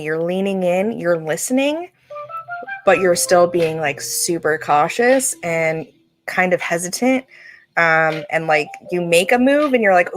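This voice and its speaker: A woman giving a casual spiritual reading to a viewer on a livestream, chatty and laughing often, with lots of fillers and restarts. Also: on the low side. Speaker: psychic reader on a livestream. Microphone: livestream setup.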